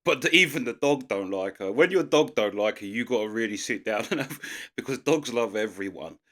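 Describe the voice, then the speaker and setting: A man's voice: medium pitch, expressive, a little fast, a bit bright. An English man hosting a reaction video, chatting loosely and laughing as he comments.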